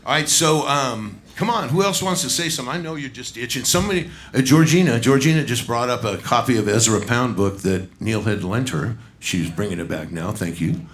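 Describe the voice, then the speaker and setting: A man's voice: mid-range voice, lively intonation, fairly quick, hardly any pauses, fairly bright tone. Man, stage emcee, chatty and coaxing, pub stage mic, mid-range voice. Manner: loose, coaxing, chatty with the crowd. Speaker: bandleader and emcee.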